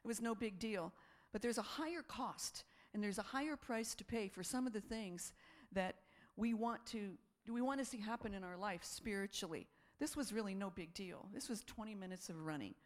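A woman preaching a sermon, telling a personal story in an animated way, laughing often and acting out her own thoughts. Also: mid-range voice, normal speed.

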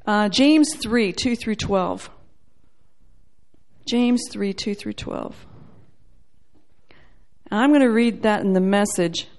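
A woman teaching a sermon in a church setting, animated and playful, acting out quoted voices as she goes. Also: medium pitch, slow pace, pauses often. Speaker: Bible teacher.

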